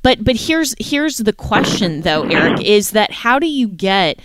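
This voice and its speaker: A woman's voice: mid-range voice, very animated, a little slow, no echo, studio quality. A woman hosting a radio talk show, speaking in an indignant, emphatic way and pressing her guest with questions.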